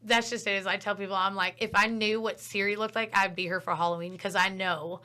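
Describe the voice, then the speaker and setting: A woman's voice: medium pitch, fairly even intonation, a little fast, bright, forceful tone. A woman who works as a bartender, a guest on a casual podcast chat, telling stories and acting out the lines of the people in them. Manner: chatty storyteller who acts out quotes.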